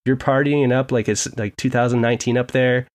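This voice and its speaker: A young man co-hosting a casual sports podcast from home, telling animated stories and laughing often. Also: mid-range voice, a little fast. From United States. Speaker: podcast co-host.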